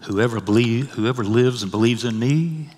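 A man preaching a sermon, swelling loud and high on scripture and dropping soft and low for personal stories. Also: moderate pace. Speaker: pastor. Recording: long hall reverb.

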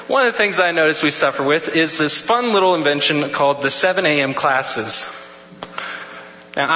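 Brief: young male preacher, humorous storyteller, very bright voice, echoey hall with faint hum. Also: on the high side. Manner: joking storyteller, casual asides. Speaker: student chapel speaker. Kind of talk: humorous sermon.

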